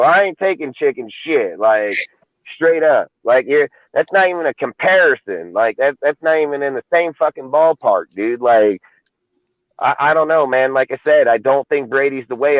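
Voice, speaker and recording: A man's voice: medium pitch, no room sound. Sports podcast host, male, profane and fired up, dry phone-quality audio. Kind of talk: casual sports talk.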